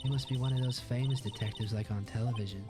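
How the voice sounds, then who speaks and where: A man's voice: mid-range voice, steady tone, quick pace, loud music behind the voice, lightly acted. A man doing a snide, flirty Southern woman. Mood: mocking. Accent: put-on Southern US. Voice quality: mocking, sarcastic.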